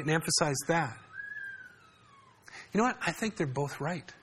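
A man's voice: a little high, lively intonation, a little slow, long pauses, fairly bright tone, husky. A man preaching a sermon in a conversational way, often asking his congregation questions. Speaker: pastor.

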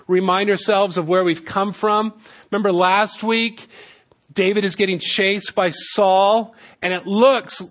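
Male pastor, middle-aged, high voice, casual sermon with humor. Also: fairly bright tone. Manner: conversational preaching, humorous asides.

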